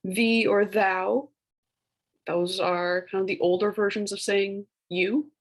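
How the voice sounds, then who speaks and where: A woman's voice: mid-range voice, steady tone, takes it slowly, rough recording. A young woman teacher, talking through a recorded lesson in a casual, chatty way with many filler words and playful put-on voices for old phrases. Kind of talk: recorded classroom lecture.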